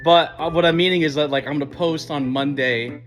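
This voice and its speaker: A young man giving a casual video diary update, excited and rambling with lots of fillers and restarts. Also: a little high, brisk, soft background music. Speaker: vlogger planning a party.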